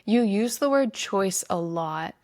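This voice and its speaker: A woman hosting a podcast in casual conversation, thoughtful, slowing down to stress key words. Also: medium pitch, animated, creaky, darkish tone.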